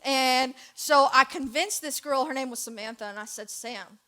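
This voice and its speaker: Young woman preacher, chatty and jokey, high bright voice. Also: moderate pace. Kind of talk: casual church sermon.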